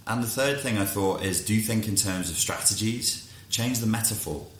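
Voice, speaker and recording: A man's voice: lowish voice, moderate pace, echoey room, slight background noise. A man who coaches clients, talking frankly in a casual monologue and swearing freely.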